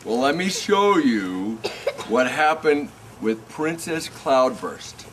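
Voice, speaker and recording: A man telling a bedtime story to a child in a gentle, animated way, in a noisy home recording. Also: mid-range voice, slow.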